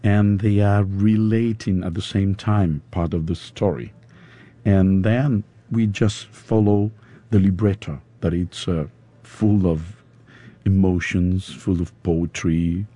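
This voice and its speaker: A man with a Spanish accent, an opera singer interviewed in English, his second language, pausing often to search for words. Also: low-pitched, fairly even intonation, mellow. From Spain. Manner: halting, searching for words with fillers.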